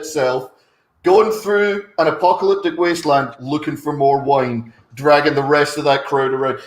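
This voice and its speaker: A man chatting animatedly on a comedy show, swearing and laughing often. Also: on the high side. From Scotland. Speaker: comedy panelist. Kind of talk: casual comedy chat. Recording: roomy echo.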